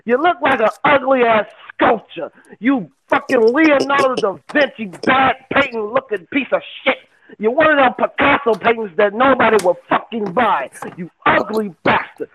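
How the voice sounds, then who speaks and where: A man's voice: very high voice, normal speed, fairly bright tone, rough recording. A man delivering a roast, firing off aggressive, profane insults in a run. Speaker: roast battle contestant.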